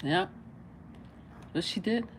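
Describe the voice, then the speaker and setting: A woman's voice: mid-range voice, slow, slight background noise. A middle-aged woman hosting a casual reaction livestream, chatting and firing off exasperated, repeated rhetorical questions. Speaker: livestream commentator.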